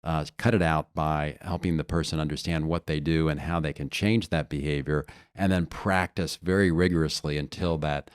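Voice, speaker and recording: A man's voice: rumbling low, steady tone, moderate pace, few pauses, clear, resonant tone, dry recording, studio quality. A man coaching on leadership in a podcast conversation, earnest and explaining through stories and analogies.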